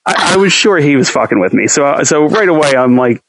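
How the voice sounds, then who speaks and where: A man's voice: fairly high pitch, fairly quick, a little hiss or hum, rough recording. A young man casually telling a long story as an interview guest, swearing freely and acting out quoted talk. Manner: profane, rambling, animated quoting. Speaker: interview guest, home cook.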